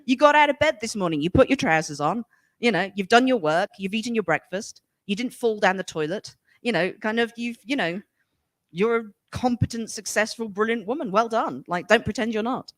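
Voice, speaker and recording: An animated, frank woman from England in her forties talks openly, swearing casually and slipping into little acted voices when she quotes people. Her pitch swings widely, and the recording is dry and close. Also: fairly quick, no echo. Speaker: author and guest. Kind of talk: casual conversation.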